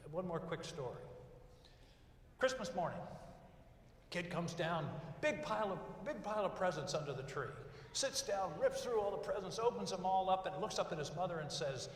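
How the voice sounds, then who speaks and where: A man's voice: high voice, animated, fairly quick, slight background noise. Older man giving a folksy, echoey commencement speech. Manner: folksy storytelling, counts off numbered advice. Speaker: commencement speaker. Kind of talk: graduation speech. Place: large hall at a graduation ceremony. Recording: echoey hall from far off.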